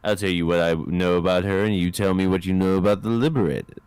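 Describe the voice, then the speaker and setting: A man with a low voice, recorded close and dry, reads a detective's lines from a story game. He plays it half straight, half joking, and breaks into laughter with his co-player. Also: steady tone, quick pace, a little mellow, smooth, dry recording. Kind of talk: playful co-op game voice-acting.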